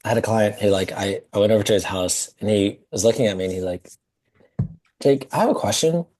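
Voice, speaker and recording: A man's voice: lowish voice, flat delivery, fast talker, darkish tone, poor audio. A man co-hosting a podcast in casual chat, agreeing easily, laughing along and telling anecdotes. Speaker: podcast co-host.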